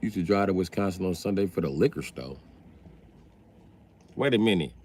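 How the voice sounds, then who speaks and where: A man's voice: sits low, expressive, moderate pace, darkish tone, slight background noise. A man hosting a livestream, ranting crudely and teasing his chat as he riffs off their comments. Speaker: livestream host. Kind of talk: profane comedic rant to chat.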